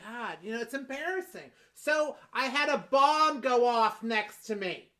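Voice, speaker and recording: A woman improvising a fussy, demanding woman on a Valentine's date, stammering and bossy, bursting into shouts. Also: a little high, lively intonation, unhurried. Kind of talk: improvised comedy scene.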